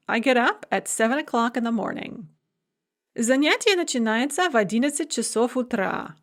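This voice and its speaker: Woman teaching with slow, careful examples. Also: medium pitch. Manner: clear, methodical explaining with slow modeled Russian phrases. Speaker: Russian language instructor. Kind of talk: recorded lecture.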